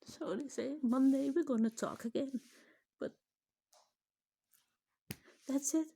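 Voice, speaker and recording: Speaking slowly in a high, gravelly voice with a warm tone, this mother vlogs about something personal and emotional. She's middle-aged and near tears, and her words tremble and crack, at moments fading into a whisper.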